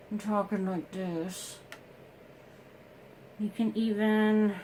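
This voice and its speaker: A woman's voice: medium pitch, darkish tone, a little hiss or hum, rough recording. A woman chatting casually through a makeup tutorial at home, explaining each step and joking about herself. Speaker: beauty vlogger.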